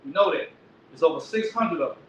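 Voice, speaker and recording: With an animated, brisk and slightly bright voice on the high side, a man delivers a street-preaching Bible lesson. He is emphatic, repeats himself and frequently asks "right?" of his audience. Faint noise sits under an echoey, distant, dull lo-fi recording.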